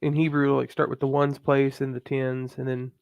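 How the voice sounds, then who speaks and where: A man's voice: mid-range voice, little pitch movement, normal speed, gravelly, a little mellow, smooth, no echo, muffled recording. A man in a live study group chatting casually and rambling through an explanation. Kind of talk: casual chat in live stream.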